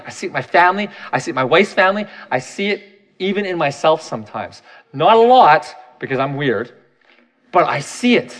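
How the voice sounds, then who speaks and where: A man's voice: fairly high pitch, very animated, brisk, fairly bright tone. A man in his thirties giving a candid, self-deprecating personal talk, often restarting his sentences.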